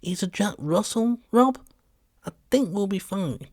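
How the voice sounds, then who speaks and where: A calm, firm policewoman , voiced by a man, with a lifted, even tone. She reassures without hurry. Close, dry sound. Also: high-pitched, unhurried, dry recording, voice pushed up, exaggerated voice. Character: calm, steady female police officer.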